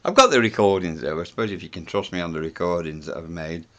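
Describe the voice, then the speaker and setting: A man's voice: low voice, fast, fairly bright tone, muffled recording. A British man talking through a home science experiment, chatty and thinking aloud as he reads off measurements, and swearing freely. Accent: British English.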